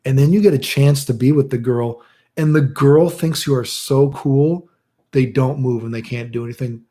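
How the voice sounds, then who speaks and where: A man's voice: medium pitch, moderate pace, mellow. A young man chatting casually as a streamer answering chat, crude and rambling, swearing a lot.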